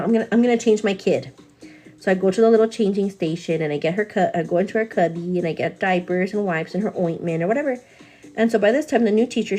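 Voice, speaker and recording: A woman's voice: medium pitch, dark tone. A young woman hosting a live morning show, telling a long story in a casual, chatty way and calling her viewers girl.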